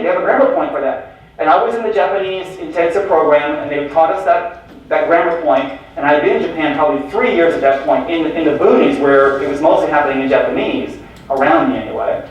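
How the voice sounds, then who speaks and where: A man's voice: a little high, lo-fi sound. A man giving a conference keynote as stories, joking and quizzing the audience with questions. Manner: animated, jokey, addresses audience with questions. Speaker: keynote speaker. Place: large lecture hall. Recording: very echoey hall from far off.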